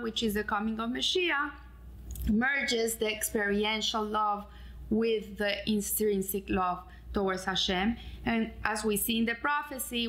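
A woman's voice: mid-range voice, fairly bright tone, poor audio. A woman giving a weekly Torah portion lesson and telling a story in an earnest, heartfelt way. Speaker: Torah teacher.

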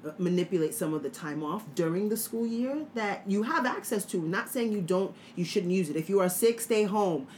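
A woman's voice: mid-range voice, normal speed, few pauses, slight background noise. A woman, a teacher co-hosting a podcast, talking emphatically and laughing easily. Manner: emphatic, animated, laughing often. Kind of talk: casual chat.

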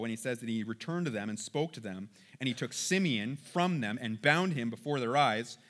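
A man with a bright, forceful, slightly high voice leads a Bible study. He reads passages aloud, then breaks off to comment in an easy, chatty way and keeps asking his listeners if they follow. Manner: reads scripture aloud, then comments casually, often asks "right?". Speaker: Bible teacher. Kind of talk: conversational Bible teaching.

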